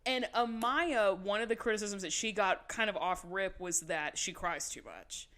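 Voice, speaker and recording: A woman co-hosting a podcast, recapping in casual chat with animated, swear-filled asides. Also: medium pitch, normal speed. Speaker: podcast co-host.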